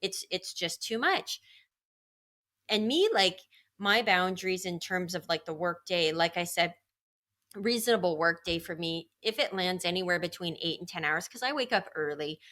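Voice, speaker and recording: A woman with a lowish, bright and forceful voice chats candidly as a podcast co-host. She rambles a bit and laughs often. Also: normal speed. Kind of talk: casual chat.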